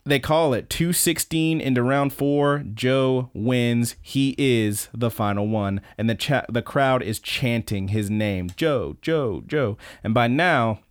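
A man co-hosting a podcast, casually recapping events in an excited play-by-play with some swearing. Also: mid-range voice, takes it slowly, hardly any pauses, smooth, no echo, clean studio sound. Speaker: podcast co-host.

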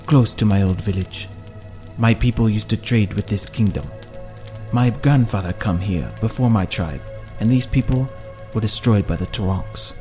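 A weary warrior speaks in short broken phrases, voiced by a man. His tone is low and dark, with soft music under the reading. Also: close to an everyday voice. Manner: clipped broken English, somber and slow.

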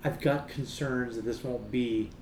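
A man co-hosting a casual podcast chat, speaking hesitantly with restarts and trailing off quietly, recorded in a room at home. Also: medium pitch, fairly even intonation, unhurried, a little hiss or hum. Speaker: podcast co-host. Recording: echoey room, mic at a distance.

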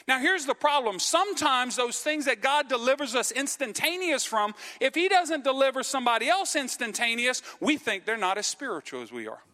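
A man preaching in an earnest, conversational way, checking in with the congregation and calling for amens. His voice sits high for a man and rings bright and forceful. The sound carries the long reverb of a church hall. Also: big pitch swings, fairly quick, few pauses. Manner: earnest, repeats "okay?" and calls for amens. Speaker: pastor. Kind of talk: sermon. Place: church sanctuary.

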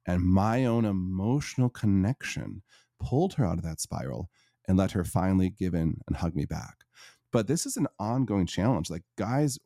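A middle-aged man speaks with a low, mellow voice, earnest and reflective as he answers questions. The sound is dry and close, with no room around him. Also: no echo. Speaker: guest, Catholic life coach for men.

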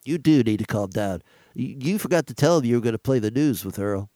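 A man's voice: medium pitch, expressive, fairly quick, dark tone, no room sound. A man co-hosting a comedy podcast, breaking in with stammering jokes. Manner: stammering, joking interjections. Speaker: co-host.

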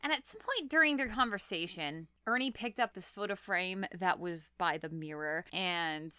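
A woman's voice: lowish voice, normal speed, clean tone, no echo. A woman host in casual chat, recapping a show animatedly and saying "like" a lot. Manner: animated, heavy use of "like".

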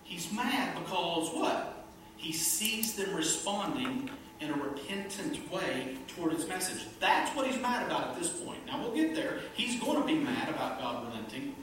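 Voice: mid-range voice, big pitch swings, normal speed. A pastor preaching a sermon to a small congregation in an emphatic way, with rhetorical questions and playful asides. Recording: very echoey room, distant mic, faint noise.

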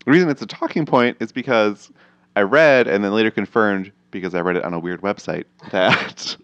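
Low-voiced laid-back podcast co-host. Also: male voice, normal speed, a bit bright, no room sound, dull audio. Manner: easygoing, filler-heavy storytelling. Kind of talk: casual chat.

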